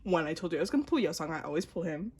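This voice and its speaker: Gushing young woman, lively pitch. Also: rapid-fire, slightly rough. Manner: gushing fan, gasps and squeals, slides into whispers. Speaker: vlogger unboxing an album. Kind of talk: casual unboxing chat.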